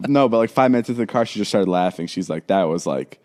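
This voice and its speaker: Young man, podcast co-host, casual rambling story, low-ish voice, lively quoting. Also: quick pace. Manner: rambling, animated quoting of others.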